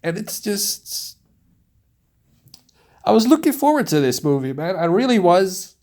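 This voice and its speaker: Brief: male movie reviewer, slightly higher voice, profane exasperated rant. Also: sing-song, a little slow, darkish tone. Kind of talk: ranting movie review vlog.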